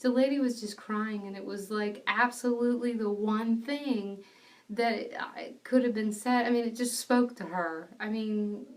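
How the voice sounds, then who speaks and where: A woman telling a personal faith testimony, in an earnest, animated storytelling manner. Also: on the high side, a little slow, distant mic. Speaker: ministry speaker.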